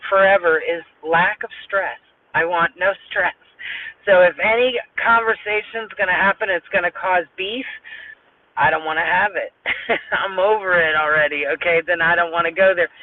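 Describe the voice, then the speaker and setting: A man with a Southern US accent hosting a support group chat, giving advice and repeating his key points for emphasis. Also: high voice. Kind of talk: casual livestream chat. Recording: tinny phone-like audio.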